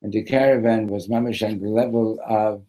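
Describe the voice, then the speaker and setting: Man, yeshiva teacher, mellow warm tone, halting, repeats words, keeps asking "right?". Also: on the low side, fairly even intonation, low-quality recording. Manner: mixes Hebrew phrases into English. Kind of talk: Torah class.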